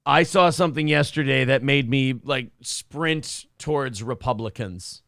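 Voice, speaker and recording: A man's voice: medium pitch, unhurried, gravelly, fairly bright tone, dry recording, clean studio sound. A man hosting a morning show, telling a story as a profane, heated rant. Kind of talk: casual podcast chat.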